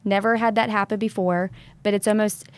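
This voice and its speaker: Female talk-show host, level, smooth, clear tone. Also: medium pitch, fairly even intonation, fairly quick. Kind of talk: interview conversation.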